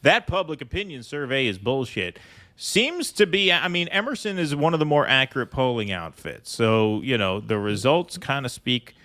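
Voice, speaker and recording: A man hosting a casual political talk stream. He sounds brisk and sardonic, and his voice is bright and forceful. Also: mid-range voice, lively intonation. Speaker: show host.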